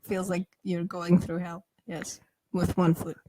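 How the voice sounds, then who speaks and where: A woman's voice: on the low side, level tone, a little slow, dark tone, a little hiss or hum, rough recording. Playful bantering woman at home. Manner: playful, complaining, laughs easily. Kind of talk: casual chat. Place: home flat.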